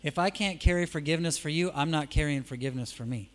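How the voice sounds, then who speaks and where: A man preaching in a church, his voice sitting a little high for a man. He tells stories in a relaxed, chatty way, then climbs into loud, emphatic peaks before dropping back to quiet asides. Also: fast. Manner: animated, conversational, swings from soft asides to loud emphatic peaks. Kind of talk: sermon with storytelling.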